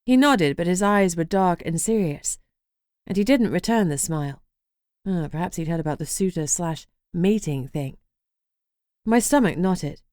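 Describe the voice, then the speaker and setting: A woman's voice: fairly low pitch, expressive, moderate pace, darkish tone, no room sound, clean studio sound. A woman narrating a first-person urban fantasy audiobook in a wry, sardonic way.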